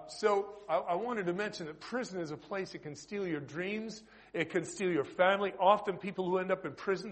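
Canadian guy preaching, high-pitched, chatty sermon, gets loud then goes quiet. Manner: lively, conversational preaching with sudden loud bursts and soft drops. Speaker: Anglican priest and prison chaplain.

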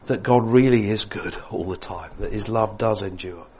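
A man preaching a sermon, swinging between emphatic lines and hushed, quiet ones. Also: fairly low pitch, moderate pace, a little hiss or hum.

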